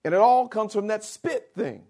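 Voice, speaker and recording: A male preacher giving a sermon, spelling out words slowly and addressing the listeners directly and insistently. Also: high-pitched, animated, darkish tone.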